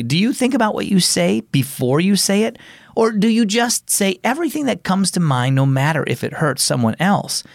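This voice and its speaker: A man's voice: medium pitch, gravelly, no echo, clean studio sound. A man hosting a children's devotional program, reading scripted narration and asking the listener friendly questions.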